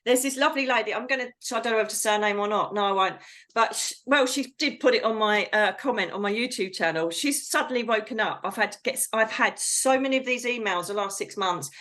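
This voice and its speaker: A woman's voice: fairly high pitch, fast talker, a bit bright. A middle-aged woman speaking over a video call as a psychic medium guest, talking bluntly and with animation and frank slang. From Britain. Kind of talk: casual interview chat.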